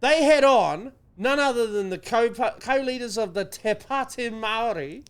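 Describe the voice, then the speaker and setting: A man's voice: very high-pitched, expressive, unhurried, a bit bright, smooth. A man co-hosting a podcast, ranting sarcastically and swearing freely in casual banter. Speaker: podcast co-host.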